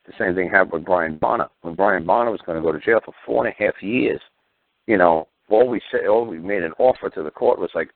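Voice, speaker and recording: A deep-voiced middle-aged man rants bluntly on a talk show, cursing freely and acting out both sides of courtroom exchanges. His voice comes through thin and tinny, like a phone line, with no room around it. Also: brisk, no room sound. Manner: blunt, profane and combative, acts out courtroom exchanges. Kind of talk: ranting radio call-in talk.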